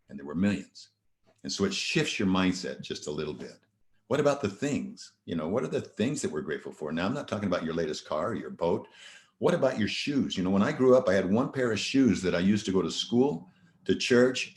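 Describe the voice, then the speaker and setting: A man's voice: deep voice, expressive, a little fast, reverberant. A man giving an earnest motivational talk on gratitude, telling stories and asking the audience rhetorical questions. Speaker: motivational speaker. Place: virtual event presentation.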